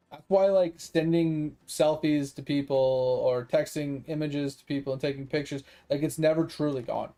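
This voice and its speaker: Mellow-voiced man streamer, casual and profane, rambling chat over faint music. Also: a little high, fairly even intonation, normal speed, hardly any pauses. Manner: profane, rambling, laughs often. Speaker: gaming streamer.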